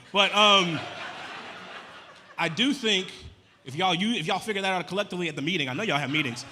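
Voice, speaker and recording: Fast deadpan comedian. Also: male voice, sits high, in a large hall, slight background noise. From Louisiana. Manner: deadpan, rambling, dry delivery. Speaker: stand-up comedian. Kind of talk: stand-up comedy set. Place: comedy club stage. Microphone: handheld stage mic.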